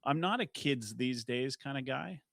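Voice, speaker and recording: A man from Canada who is a podcast guest in casual chat, easygoing and quick to laugh along. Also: mid-range voice, lively intonation, vocal fry, a bit bright, no echo, studio quality.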